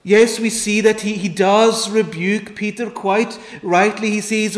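Male preacher, high and even voice, slow earnest pleading sermon, roomy echo. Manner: earnest, pleading, with dramatic pauses and quoted prayers.

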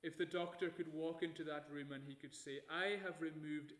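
A man preaching a sermon, measured and emphatic, slowing down to stress key phrases. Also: on the high side, steady tone, echoey room.

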